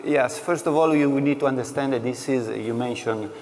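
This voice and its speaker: A man of ordinary pitch answers interview questions as a company executive, slowly and deliberately with many fillers. The echo of a large hall lingers on his words. A faint background hum sits underneath. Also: a little mellow. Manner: measured, with many pauses and fillers.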